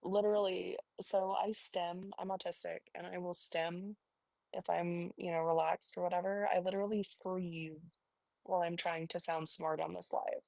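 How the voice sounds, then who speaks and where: A woman chatting on a livestream, theatrical and quick to swear. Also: fairly low pitch, level tone, creaky, warm tone, no echo, rough recording. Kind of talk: casual chat.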